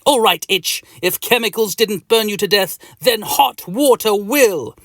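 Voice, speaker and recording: A man's voice: high voice, unhurried, fairly bright tone, dry recording, clean studio sound, pitched above the performer's own voice. A man voicing a frustrated, whiny young person plagued by an itch in a children's audiobook, exasperated and yelping. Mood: vengeful.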